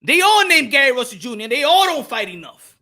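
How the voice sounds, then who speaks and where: A man hosting a live boxing stream, loud and animated, trash-talking fighters and hyping his viewers. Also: extremely high pitch, fast talker. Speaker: boxing commentator.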